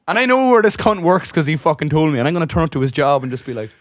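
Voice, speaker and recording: A man's voice: on the high side, very animated, very fast, hardly any pauses, no echo, clean studio sound. Rambling man telling a story. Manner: rambling, swears a lot, acts out dialogue; restarts and trails off while telling stories. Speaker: podcast co-host. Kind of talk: casual chat, long anecdote.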